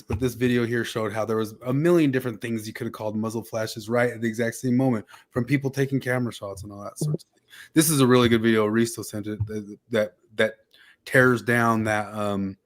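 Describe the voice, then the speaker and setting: A man's voice: medium pitch, steady tone, brisk. Male podcast host, mid-range voice, loose rambling casual delivery. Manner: rambling, hedging with many fillers. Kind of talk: casual conversational chat.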